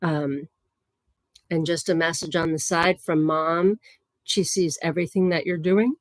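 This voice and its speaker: A woman giving psychic readings on a livestream in a gentle, chatty way, with many fillers and soft laughs. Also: sits low, fairly even intonation, unhurried, no room sound.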